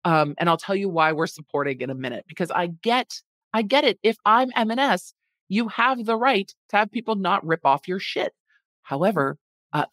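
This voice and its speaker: Chatty sarcastic woman, lowish voice. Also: fairly bright tone, no echo. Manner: chatty, wry, sarcastic asides. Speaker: podcast host. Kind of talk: casual commentary on a lawsuit.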